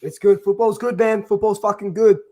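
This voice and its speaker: Excitable tipsy Australian man, stammering. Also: high voice, fairly quick. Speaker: show host. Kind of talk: casual footy chat.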